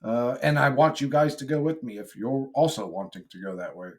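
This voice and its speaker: A man's voice: medium pitch, animated, a little fast. A man talking to his viewers in a casual vlog monologue, brash and profane, rambling from thought to thought. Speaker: YouTuber.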